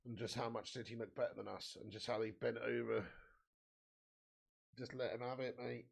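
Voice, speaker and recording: A man's voice: mid-range voice, flat delivery, moderate pace, gravelly. A young man hosting a live football watch-along, reading out viewer comments and ranting bluntly about his team's heavy loss. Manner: blunt, sweary, frustrated fan banter.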